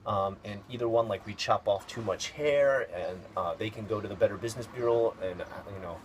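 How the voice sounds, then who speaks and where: Male host with a lowish voice, loose rambling storyteller full of ums and uhs, noisy background. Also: fairly quick. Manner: rambling, hesitant, many fillers and restarts. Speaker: video host. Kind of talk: casual storytelling commentary. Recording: noticeable background noise.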